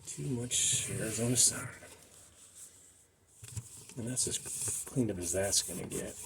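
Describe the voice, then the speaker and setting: A middle-aged man with a fairly low voice talks casually through a car restoration job, rambling into asides and small self-deprecating jokes. The recording carries clear background noise from the workshop around him.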